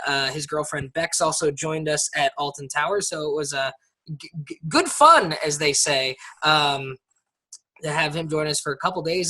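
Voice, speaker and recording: A man's voice: a little high, bright, forceful tone. A man from the United States co-hosting a podcast, chatting casually with plenty of ums and restarts. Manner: chatty, many fillers and restarts. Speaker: podcast co-host. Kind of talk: casual chat.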